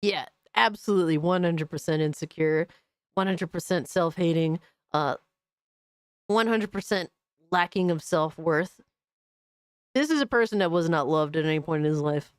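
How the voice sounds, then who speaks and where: A woman's voice: lowish voice, normal speed, clear, resonant tone, dry recording, studio quality. A woman hosting a gaming stream, mocking a video in casual, profane reaction commentary. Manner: mocking, profane, laughs at the clip.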